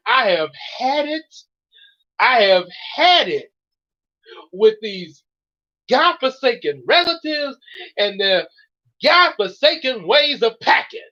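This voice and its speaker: A man's voice: very high-pitched, gravelly, bright, forceful tone, dull audio, pitched above the performer's own voice, full character voice. A man voicing an exasperated young teen girl who complains in a raised, fed-up voice.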